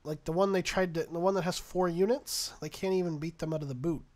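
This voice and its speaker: A man's voice: fairly high pitch, fairly even intonation, fast, a little mellow. A young man giving casual let's-play commentary on a strategy game, sarcastic and exasperated, talking to the nations on screen. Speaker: gaming YouTuber.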